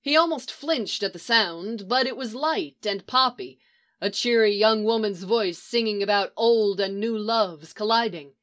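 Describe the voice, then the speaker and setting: A woman reads a story aloud in calm, measured narration. Her pitch sits in the middle of the usual range for a woman, and she keeps an even pace through long descriptive passages. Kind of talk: audiobook narration of fan fiction.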